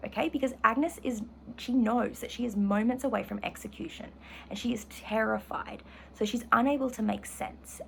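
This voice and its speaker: Woman, teacher, gravelly fry, enthusiastic, literature lesson, slight hiss behind. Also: on the high side, low-quality recording. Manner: enthusiastic, self-correcting while reading. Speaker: English teacher. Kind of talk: literature lesson with read-aloud passage.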